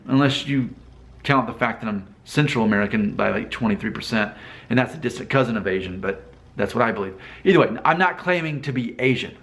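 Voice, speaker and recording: A man's voice: a little high, fairly bright tone. Man musing aloud in a vlog. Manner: thinking aloud with restarts and rhetorical questions. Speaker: vlogger. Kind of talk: casual talking-head commentary.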